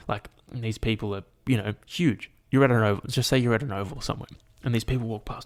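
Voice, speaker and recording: Creaky and lowish, this man's voice moves at a quick pace with few pauses. He's a podcast host working solo, ranting and recounting stories animatedly while swearing a lot and leaning constantly on "like."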